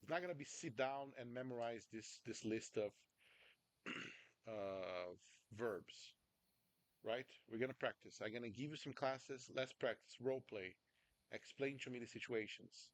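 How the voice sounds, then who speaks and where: A man's voice: medium pitch, a little slow, dry recording. Chatty male coach, dry close sound. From United States. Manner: chatty, keeps checking in with "right?" and "understand?". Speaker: communication coach. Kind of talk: casual coaching talk.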